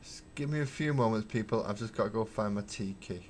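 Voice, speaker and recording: Low-voiced man chatting on stream. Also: quick pace, slight background noise. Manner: rambling, wry, thinks aloud with fillers. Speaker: livestreaming miniature painter. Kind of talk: casual livestream chat, answering viewer comments. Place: home hobby room. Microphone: webcam.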